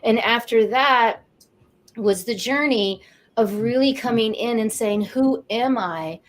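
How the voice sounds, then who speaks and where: Talk show guest, woman, late 50s, higher voice, animated and heartfelt storyteller. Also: measured pace. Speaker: guest, energy coach. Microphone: studio or video call mic.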